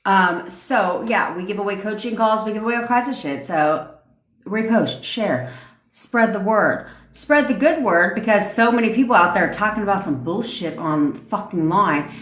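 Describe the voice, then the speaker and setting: A woman's voice: mid-range voice, lively intonation, moderate pace, a bit bright, roomy sound. A woman manifestation coach ranting sarcastically and profanely on a phone live stream. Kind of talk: TikTok live rant.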